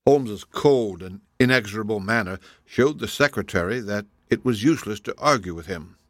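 A man narrating a classic story in a formal, even storytelling manner on a close microphone. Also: fairly low pitch, moderate pace, hardly any pauses, no echo. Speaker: audiobook narrator. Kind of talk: scripted narration.

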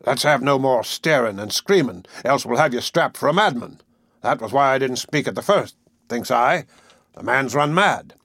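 A man reading aloud voices a gruff, self-important village farrier. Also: mid-range voice, lively intonation, moderate pace, a bit bright, no echo, studio quality. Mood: blustering. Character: blustering male village farrier.

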